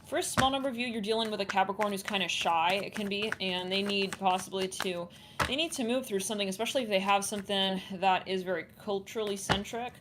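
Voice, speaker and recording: A woman gives a casual tarot reading, thinking aloud in a chatty, rambling way that often trails off and starts over. Her voice sits at an ordinary middle pitch. There is clear background noise with some clicks. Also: fast talker. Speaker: tarot reader.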